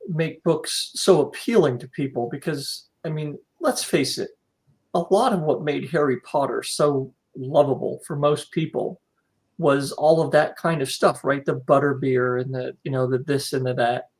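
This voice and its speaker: A man's voice: mid-range voice, normal speed, a little mellow, husky, rough recording. An American man hosting a casual podcast interview, rambling, encouraging and joking with his guest. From United States. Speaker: podcast host.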